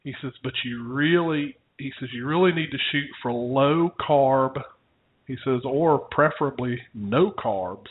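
A man's voice: medium pitch, a little slow, a little hiss or hum. A man casually telling a rambling story to his co-host, often chuckling. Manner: rambling, chuckling anecdote teller. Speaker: podcast co-host. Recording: tinny phone-like audio.

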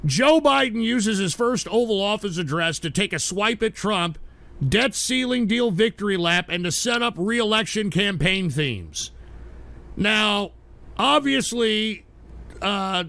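Man, livestream host, high gravelly voice, bright edge, exasperated scolding rants, sudden shouts. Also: expressive, slow pace, no echo. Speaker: livestream talk show host.

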